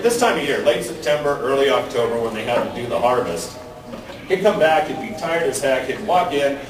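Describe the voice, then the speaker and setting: A man performing a stand-up comedy set, telling stories deadpan, each ending on a punchline. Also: medium pitch. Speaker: stand-up comic. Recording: roomy, distant mic with background noise.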